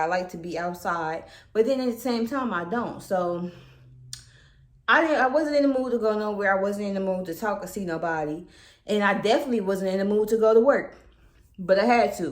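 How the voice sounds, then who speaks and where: A woman's voice: mid-range voice, echoey room. A pregnant woman in casual storytime chat at home, retelling things dramatically with slang and swearing. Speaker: vlogger telling her own story. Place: her apartment.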